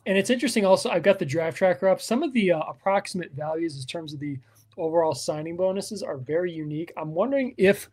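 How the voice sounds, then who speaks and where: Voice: mid-range voice, lively intonation, fast, a little mellow. A speaker on a live stream who talks hesitantly, trails off, and explains things to viewers. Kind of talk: casual live reaction chat.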